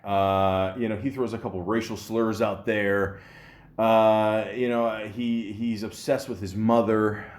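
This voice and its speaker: Male podcast host, low voice, loose rambling chat with frequent laughter, mic'd up close. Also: flat delivery, unhurried. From Canada. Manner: rambling, laughing often, heavy on fillers. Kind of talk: casual chat.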